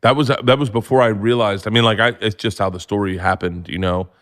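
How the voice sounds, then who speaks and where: A man in his forties, a comedian, telling stories in a casual interview, profane and animated, acting out what people said. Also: fairly low pitch, a little fast. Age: 40s. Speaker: comedian guest. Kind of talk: casual storytelling chat.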